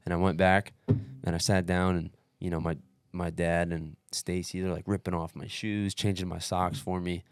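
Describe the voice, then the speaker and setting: A man's voice: deep voice, level tone, normal speed, hardly any pauses, clear, resonant tone, dry recording, clean studio sound. A man telling a long race story in casual podcast chat, blunt and emphatic, swearing constantly. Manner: blunt, heavily profane, emphatic. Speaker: podcast co-host recounting a race.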